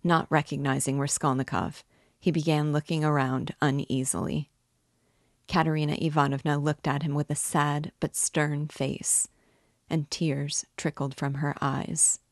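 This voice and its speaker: A woman reading a classic novel aloud in a slow, measured way. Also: deep voice, little pitch movement, no room sound, clean studio sound. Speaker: reader and literature guide. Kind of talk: audiobook narration of a classic novel.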